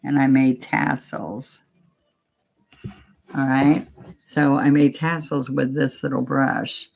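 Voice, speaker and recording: A woman's voice: rumbling low, fairly even intonation, slow pace, gravelly. A woman teaching a painting demo, chatting casually step by step and talking to herself as she works. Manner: chatty, talks to herself while working, gently coaxing. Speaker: painting instructor.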